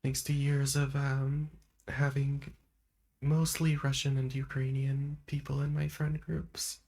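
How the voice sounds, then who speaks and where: A woman hosting a live stream in a soft-spoken ASMR chat style, talking in a meandering way and laughing often. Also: extremely low pitch, little pitch movement, slow pace. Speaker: livestream host. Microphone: streaming microphone.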